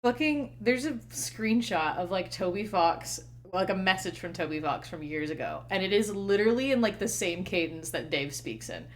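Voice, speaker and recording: A woman's voice: mid-range voice, normal speed, hardly any pauses. A woman streamer chatting casually with friends, laughing often as she talks. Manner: laughing, animated. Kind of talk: casual chat.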